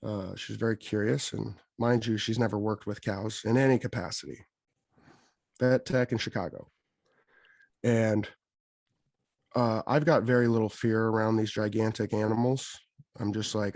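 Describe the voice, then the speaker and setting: A man co-hosting a podcast, telling a long, rambling story in a casual, animated way. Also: lowish voice, moderate pace, creaky, long pauses, no echo. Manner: rambling, animated, quotes others in his telling. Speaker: podcast co-host.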